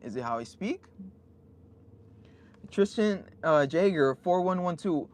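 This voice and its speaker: A man streaming from his van, casually reading out chat messages in a laid-back, halting way. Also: fairly high pitch, lively intonation, darkish tone. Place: inside a parked van.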